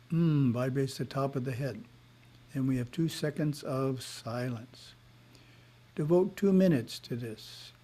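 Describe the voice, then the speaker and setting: A man giving a spiritual lesson in a webinar, reading in a measured way with short asides, heard over a video call. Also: on the high side, warm tone. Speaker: spiritual teacher.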